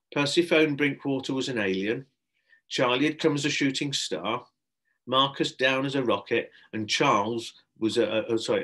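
A man, a primary school teacher, reading a children's book aloud with expressive narration. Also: mid-range voice.

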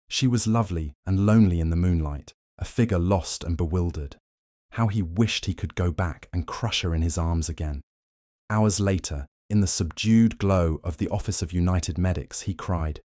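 A man narrating a science fiction short story as an audiobook, reading in a steady, even storytelling manner. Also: low-pitched, dry recording, studio quality. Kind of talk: scripted narration.

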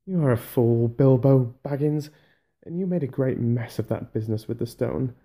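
A man voicing a small, kindly hobbit who has been hurt and shaken, speaking high and eager. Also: moderate pace, warm tone, slightly rough. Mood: sorrowful.

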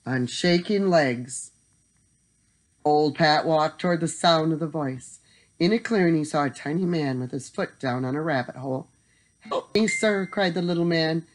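Casting: a mid-pitched, expressive bedtime story reader. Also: normal speed.

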